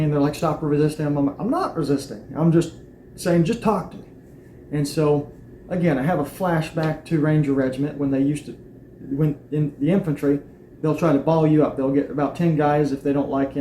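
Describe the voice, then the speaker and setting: Telling the story of being arrested, this man speaks in a straightforward way and performs the quoted lines. His voice is on the high side with a dark tone, and the echoey room carries a faint noise.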